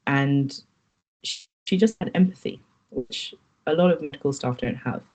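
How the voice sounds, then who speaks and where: A woman's voice: deep voice, normal speed, darkish tone, low-quality recording. A woman who is a podcast guest, giving an earnest, reflective and candid personal account in an interview.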